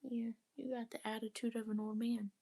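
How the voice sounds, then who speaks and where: A woman's voice: on the high side, flat delivery, brisk, dark tone. A young woman chatting casually while cleaning her apartment, rambling with lots of fillers and casual swearing. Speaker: vlogger.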